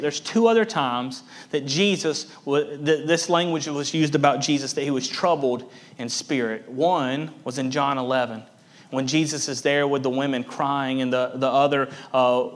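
A man preaching a sermon as a pastor, earnest and emphatic, repeating words for stress. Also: medium pitch.

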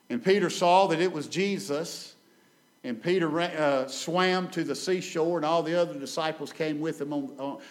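Man, preaching a sermon, high voice, loud-to-quiet swings, repeats himself. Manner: dramatic rises and drops in volume, repeats phrases, calls for amen. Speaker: guest preacher. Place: church sanctuary.

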